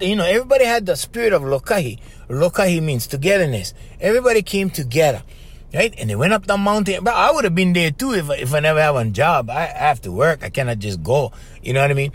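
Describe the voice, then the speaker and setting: Lively Hawaiian Pidgin-tinged man. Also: sits high. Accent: Hawaiian Pidgin-tinged English. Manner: loose storytelling, calls listener bro, asks right?. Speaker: podcast host. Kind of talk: casual solo podcast chat.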